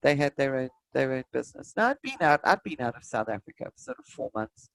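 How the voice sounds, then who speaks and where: A woman, a spiritual teacher, telling a personal story in an emotive, animated way. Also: rumbling low, quick pace, creaky, no room sound.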